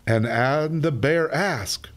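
Slow, expressive male storyteller. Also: fairly high pitch. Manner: slow, expressive, sing-song. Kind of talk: children's story reading.

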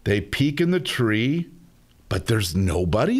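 A man reading a children's picture book aloud in a slow, expressive, sing-song manner. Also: lowish voice. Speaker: storyteller.

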